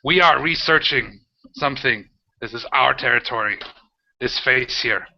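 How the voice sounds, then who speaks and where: A man voicing a hostile, sneering male deep dwarf leader who spits contempt at strangers. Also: unhurried, gravelly, sharp tone, a little hiss or hum, exaggerated voice. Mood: scornful. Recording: dull lo-fi home recording.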